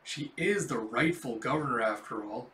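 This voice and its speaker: A man's voice: mid-range voice, expressive, normal speed, bright, forceful tone, a little hiss or hum. Comic-book noblewoman, icy and commanding, contemptuous lecture voiced plainly by a man in a roomy echo. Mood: cold contempt. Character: cold, commanding noblewoman passing judgment. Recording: echoey room.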